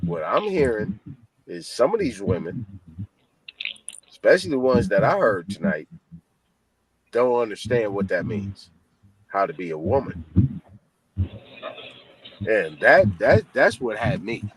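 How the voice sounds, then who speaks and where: A man from California argues on a live-stream debate panel. His pitch swings widely as he makes his points emphatically, sometimes acting out what others said. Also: unhurried, long pauses, noisy background. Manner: emphatic, animated, mimics others.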